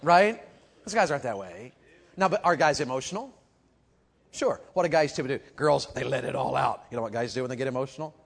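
A man preaching a youth sermon, animated and calling out questions to the crowd, moving from quiet talk to shouting. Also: medium pitch, fast, vocal fry, husky.

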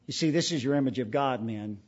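A man preaching a sermon emphatically, asking repeated rhetorical questions and swinging between loud and hushed delivery. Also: medium pitch, brisk, husky, dull audio.

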